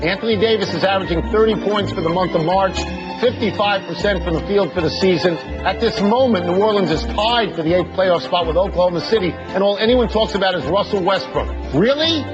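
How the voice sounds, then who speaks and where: A man with a high voice fires off short sports picks with wry, punchy timing. The audio sounds a bit dull, with music playing underneath. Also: brisk. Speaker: sports TV host. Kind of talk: brisk sports debate banter.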